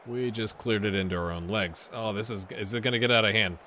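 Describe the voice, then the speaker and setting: A man's voice: lowish voice, steady tone, fairly quick, bright, forceful tone, a little hiss or hum. A man hosting a let's-play video, chatting casually and joking to himself while he plays a football management game. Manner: chatty, self-mocking, jokes and muttered asides. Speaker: gaming channel host.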